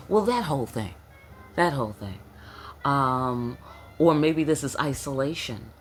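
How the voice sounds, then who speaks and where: A woman's voice: very deep voice, expressive, a little slow, long pauses, faint music behind. A woman giving a casual, profane tarot reading, chatting back and forth as if answering spirits. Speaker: tarot reader.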